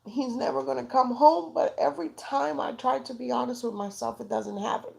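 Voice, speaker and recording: Gravelly, tearful mother telling her story. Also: fairly high pitch, steady tone, brisk, dark tone. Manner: raw, tearful, pleading. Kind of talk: emotional personal testimony.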